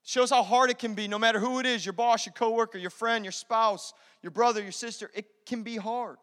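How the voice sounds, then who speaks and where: A male pastor preaching a sermon in an energetic, conversational way, repeating key phrases. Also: very high-pitched, brisk, clear, resonant tone. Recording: long hall reverb.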